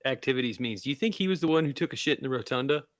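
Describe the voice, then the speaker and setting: Quick-talking blunt co-host. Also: male voice, mid-range voice, expressive, no echo. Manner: blunt, profane, quick jokes. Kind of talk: casual chat.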